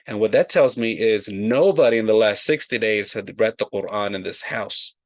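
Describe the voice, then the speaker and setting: A man telling a comic story with animated, brisk delivery. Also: on the low side. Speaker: comedic storyteller.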